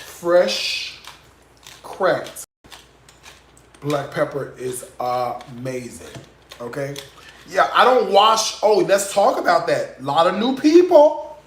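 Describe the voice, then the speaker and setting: A man's voice: a little high, sing-song, slow, long pauses, a bit bright. A man hosting a live cooking show, talking sassily and directly to his viewers and checking in with them often. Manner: sassy, chatty, addresses viewers directly, frequent "okay?" tags. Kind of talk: live cooking demonstration with sales pitch. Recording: echoey room with faint noise.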